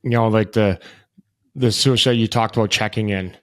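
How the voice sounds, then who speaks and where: A man's voice: on the low side, steady tone, normal speed. A man talking as a podcast guest and youth hockey coach, in a blunt, rambling way with frequent restarts and some swearing. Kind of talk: candid casual conversation.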